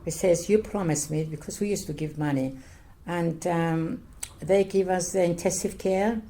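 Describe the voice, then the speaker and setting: An older woman from Cyprus, Greek her first language, telling her life story in an oral history interview in halting, repetitive English. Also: fairly low pitch, warm tone. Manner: halting, repetitive non-native English, earnest.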